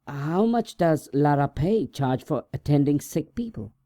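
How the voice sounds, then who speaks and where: A man voices a stingy, indecisive peasant from a storybook, speaking plainly and a little higher than the narrator. The tone stays very dark and mellow. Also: expressive, measured pace. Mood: hesitant. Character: tall thin hesitant stingy peasant man.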